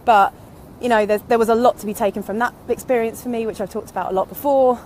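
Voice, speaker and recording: She speaks fast in a somewhat high, slightly mellow voice with fairly even intonation, and there's a bit of background noise. The speaker is a woman in her thirties with an online business vlog, casually reflecting out loud as she walks outdoors. She's a little breathless, candid, and prone to rambling off on tangents.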